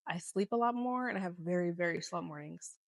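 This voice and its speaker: Low-voiced woman chatting on a podcast. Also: brisk, gravelly, no room sound. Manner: chatty, laughs often, goes off on tangents. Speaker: podcast co-host. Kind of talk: casual chat.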